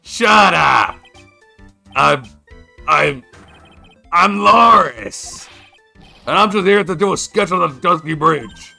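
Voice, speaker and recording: A man voicing an excitable, lovestruck young male artist in a video game, loud and eager. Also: fairly high pitch, slow, creaky, pauses often, faint music behind, voice pushed up, exaggerated voice. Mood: excited.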